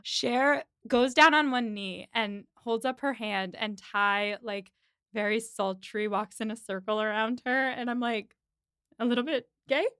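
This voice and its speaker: A woman's voice: fairly high pitch, a little slow, clean tone, no room sound, studio quality. A woman co-hosting a podcast, casually recapping a movie scene by scene and acting out the characters' lines. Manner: animated retelling with quoted voices, frequent laughs. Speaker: podcast co-host. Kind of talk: casual chat recapping a film.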